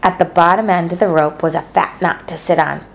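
A woman's voice: lowish voice, fairly even intonation, fairly quick, gravelly. Woman reading a children's story aloud. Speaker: storybook narrator.

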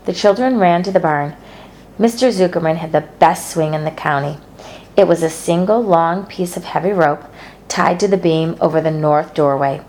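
A woman reading a children's novel aloud as narrator, with a steady, gentle delivery. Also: lowish voice, moderate pace, a little hiss or hum. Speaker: storybook narrator.

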